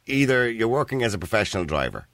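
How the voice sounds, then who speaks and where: A man's voice: lowish voice, big pitch swings, fast, a bit bright, no echo, clean studio sound. A man with a Dublin accent hosting a phone-in radio show, chatty and teasing with callers. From Ireland. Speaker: radio host.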